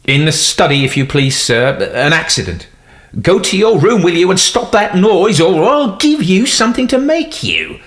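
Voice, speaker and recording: A man reading an audiobook, voicing a blunt, gruff male butler who is curt with the staff and deferential to his employers. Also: mid-range voice, normal speed, few pauses, sharp tone, voice pushed up, close to an everyday voice. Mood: commanding.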